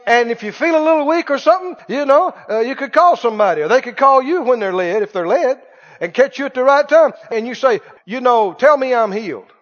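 Male pastor, very high voice, preaches hard and repeats himself; muffled sound, big reverberant sanctuary. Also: lively intonation, fast talker. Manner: emphatic, repeating phrases, shouting at peaks. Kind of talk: sermon. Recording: dull lo-fi sound with long hall reverb.

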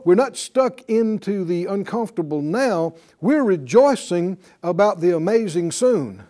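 Animated high-voiced man preaching. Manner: lively, laughing asides, quotes scripture, acts out little dialogues. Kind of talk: sermon.

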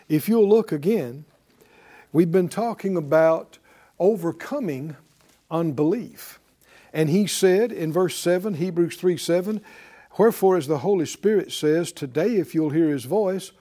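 A man's voice: high voice, mellow. A man preaching a sermon, leading call-and-response and firing off emphatic rhetorical questions. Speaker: pastor.

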